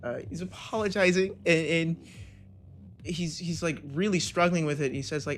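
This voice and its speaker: Young male streamer, high voice, rambling casual chat with stop-start restarts, faint music underneath. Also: moderate pace. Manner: rambling, self-interrupting, frequent restarts.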